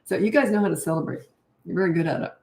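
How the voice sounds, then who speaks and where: Very fast and lowish with a darkish tone, this older Canadian parenting coach talks casually on a live stream, rambling through stories and laughing often. Room echo is noticeable.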